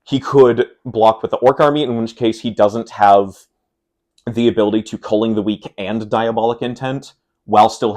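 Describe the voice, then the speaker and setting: A young man, a tournament player being interviewed, talking casually and walking through game decisions step by step, getting animated as he retells a frustrating loss. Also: medium pitch. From Pacific Northwest of the United States.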